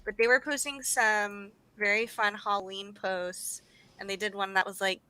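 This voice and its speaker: A woman's voice: mid-range voice, steady tone, moderate pace, pushed and bright, smooth, no echo, poor audio. A young American woman co-hosting a casual livestream, bubbly, laughing often and exclaiming as she chats. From United States. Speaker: co-host.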